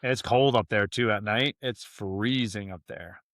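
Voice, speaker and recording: Young man, from Massachusetts, podcast guest, frank storyteller, bright forward voice, dry close sound. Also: fairly low pitch, a little slow, no room sound. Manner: candid, animated storyteller acting out quoted dialogue. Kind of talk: casual storytelling.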